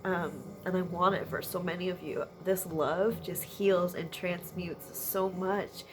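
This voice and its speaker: A woman's voice: fairly low pitch, steady tone, measured pace, noisy background. A woman giving an emotional late-night energy reading, sniffly and teary from crying, often trailing off and laughing through tears. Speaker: tarot energy reader.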